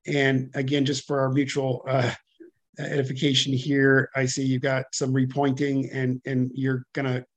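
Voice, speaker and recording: A man chairing a public commission hearing, halting and full of fillers and self-corrections, speaking over a video call. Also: mid-range voice, monotone, dry recording.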